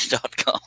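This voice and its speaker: A man's voice: sharp tone, no echo, rough recording. A man, hosting a casual livestream, joking around and reading viewer comments aloud. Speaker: livestream host.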